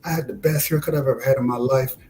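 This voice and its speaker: A man's voice: fast talker, a little hiss or hum, low-quality recording. A man from Detroit, animatedly telling a story in casual chat. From Detroit, USA. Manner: animated, acts out quotes with rising pitch. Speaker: discussion guest.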